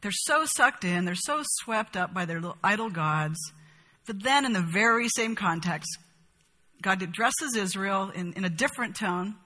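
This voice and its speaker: A woman leads a Bible study, reading verses aloud and explaining them with expressive emphasis. Her voice is bright and a little husky. A long hall reverb trails behind her words. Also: medium pitch, normal speed.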